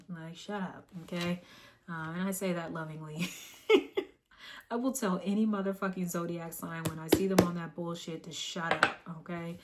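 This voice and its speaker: A hoarse woman doing a casual tarot reading, blunt and profane with a teasing tough-love manner. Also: lowish voice, fairly even intonation, moderate pace, a little hiss or hum. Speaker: tarot reader.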